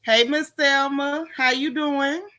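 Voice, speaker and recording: A woman chats casually on her livestream, her voice bright and pitched a little high. She talks in a warm, folksy way and calls out her viewers by name. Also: fairly even intonation, takes it slowly. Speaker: livestream host.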